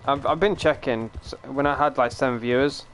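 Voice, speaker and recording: A man's voice: medium pitch, brisk, faint music behind. A young British man with a British accent, chatting casually and rambling on a game stream, swearing now and then and laughing often. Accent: British English.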